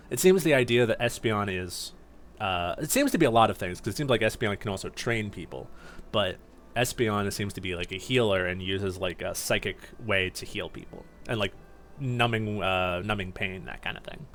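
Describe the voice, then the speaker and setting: A man's voice: lowish voice, normal speed, fairly bright tone. A man giving casual, rambling commentary while streaming a game, laughing at himself. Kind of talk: casual let's-play commentary.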